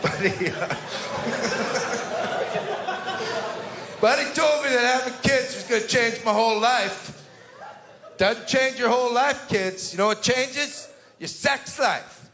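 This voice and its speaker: A high, lively male voice delivering crude, swearing stand-up. The sound is a live club recording, with a loud crowd and heavy noise around him. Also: slow, long pauses. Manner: crude, profane punchlines. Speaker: stand-up comedian. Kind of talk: stand-up routine. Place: comedy club stage with a laughing crowd.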